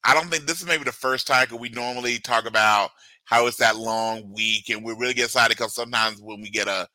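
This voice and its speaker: Podcast co-host, male, bright tense voice, dry close mic, playful and upbeat. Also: mid-range voice, steady tone, no room sound, rough recording. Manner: playful, enthusiastic, quick to laugh. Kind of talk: casual chat.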